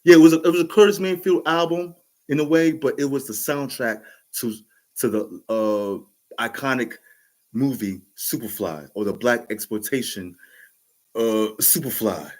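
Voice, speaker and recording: With a darkish tone, a mid-range voice, and a moderate pace, a forties-aged podcast host from New York rambles through a casual story. He keeps restarting, leans on fillers, and laughs a lot.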